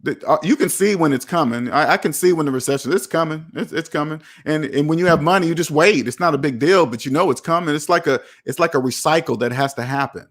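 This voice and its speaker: An emphatic man hosts a personal finance show. He reacts to viewer comments in a preachy way and breaks into sudden excited whoops. His voice sits a little high for a man. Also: quick pace, few pauses.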